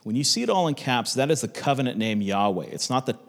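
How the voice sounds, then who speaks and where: A man's voice: medium pitch, sing-song, quick pace. A man giving a casual Bible teaching, telling the story conversationally with asides. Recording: long reverb.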